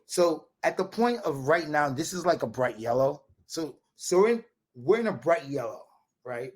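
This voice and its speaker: Telling a casual story as a podcast guest, this Brooklyn man, USA, acts out both sides of a conversation, tagging the quoted lines with "right?" and restarting phrases again and again. His New York-accented voice is husky, slightly breathy and middle-pitched, and his delivery is animated.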